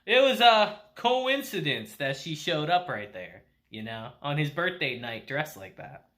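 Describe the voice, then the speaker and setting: A man's voice: a little high, lively intonation, a little slow, fairly bright tone. A man casually recapping and reviewing an anime episode, laughing often and swearing freely.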